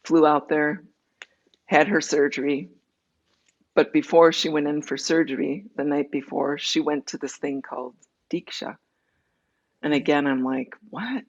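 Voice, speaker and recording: A woman's voice: deep voice, level tone, dull audio. A woman being interviewed, telling her personal story candidly and acting out the dialogue as she goes. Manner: candid, tells her story in quick runs with acted-out dialogue. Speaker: interview guest.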